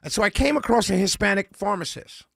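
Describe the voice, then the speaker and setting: A man's voice: high-pitched, lively intonation, fast talker, gravelly, fairly bright tone, breathy edge, no room sound, studio quality. A man who hosts a radio talk show, casually telling a story and quoting each person he spoke with. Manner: recounts conversations, quoting each person in turn.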